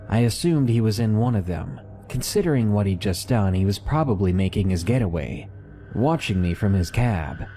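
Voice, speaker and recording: A man giving scripted narration of submitted horror stories, with lively, dramatic storytelling. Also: on the low side.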